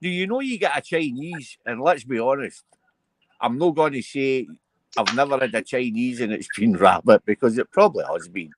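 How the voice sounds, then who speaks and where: A man's voice: medium pitch, animated, moderate pace, noisy background. A Scottish man hosting a casual live chat stream, telling his callers off now and then. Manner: chatty, scolds callers. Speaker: livestream host.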